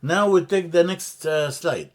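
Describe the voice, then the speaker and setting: Guy teaching a language class, talks real slow, goes over each word twice. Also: fairly high pitch. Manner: slow and deliberate, repeats and spells out terms. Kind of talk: slide-based language lesson. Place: church classroom.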